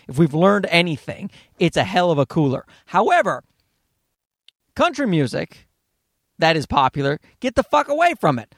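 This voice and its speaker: A man's voice: high-pitched, a bit bright, no room sound, clean studio sound. A man hosting a podcast, ranting in a profane, exasperated comic monologue. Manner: profane, exasperated ranting with mocking put-on voices. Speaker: podcast host.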